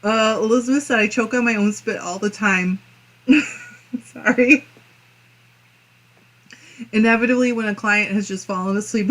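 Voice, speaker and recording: A woman's voice: medium pitch, steady tone, moderate pace, pauses often, fairly bright tone. A woman hosting a casual crafting livestream, reading viewer comments aloud and giggling often between them. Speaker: fiber arts channel host.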